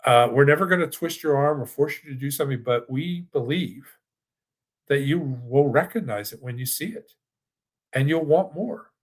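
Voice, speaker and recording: A man's voice: mid-range voice, moderate pace. An older man, a financial advisor, hosting a webinar in a chatty, rambling style and answering audience questions. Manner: chatty, with frequent restarts and asides. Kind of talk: casual presentation with live Q&A.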